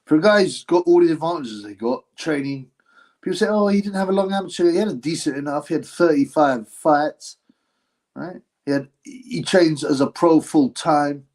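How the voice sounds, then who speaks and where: Man, slightly high voice, casual live fight commentary, mocking blunt tone. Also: moderate pace, darkish tone. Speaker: livestream host reacting to a boxing fight.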